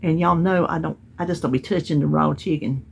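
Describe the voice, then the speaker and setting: This woman vlogger has a deep, husky, slightly mellow voice that's creaky, and she talks briskly. At home, she gives a casual haul chat about purchases and mail arrivals, chatty and full of stories, with Southern-style grammar.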